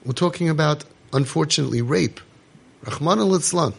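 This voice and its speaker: A man's voice: on the high side, brisk, gravelly, breathy edge. A man, delivering an impassioned monologue full of rhetorical questions and Yiddish terms. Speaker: parenting organization speaker.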